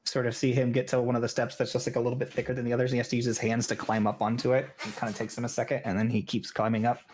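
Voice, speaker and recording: A man's voice: medium pitch, level tone, rapid-fire, darkish tone, a little hiss or hum. A man narrating a tabletop game as game master, in a casual style with frequent "like" fillers.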